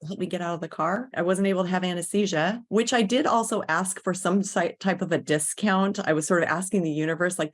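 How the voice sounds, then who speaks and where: A woman's voice: medium pitch, brisk. A woman guest in an interview, telling a personal story in a candid, earnest way.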